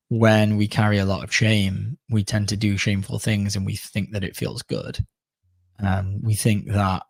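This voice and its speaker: A man's voice: on the low side, gravelly, no echo. A man in casual podcast conversation, reflective and searching, with many fillers.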